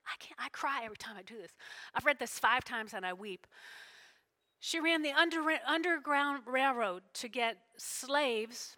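A woman's voice: fairly high pitch, bright, forceful tone. A woman pastor preaching a sermon, emotional and full of call-and-response with her congregation.

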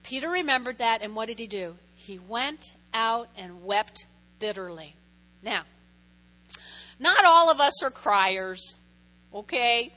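A woman's voice: on the high side, animated, takes it slowly, long pauses, sharp tone. A woman pastor preaching a sermon in a chatty way, often checking in with her listeners. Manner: chatty, keeps checking in with the audience.

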